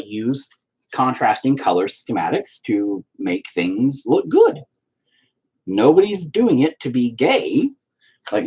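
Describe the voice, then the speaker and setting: Husky man ranting with lively pitch. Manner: profane, ranting and exasperated. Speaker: streamer painting live. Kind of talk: casual livestream chat.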